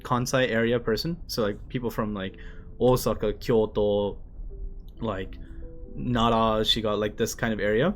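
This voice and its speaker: A man's voice: fairly low pitch, steady tone, measured pace, soft background music. A man reading a manga aloud on a live stream, chatting in a rambling, self-deprecating way with lots of fillers. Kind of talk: casual live-stream commentary.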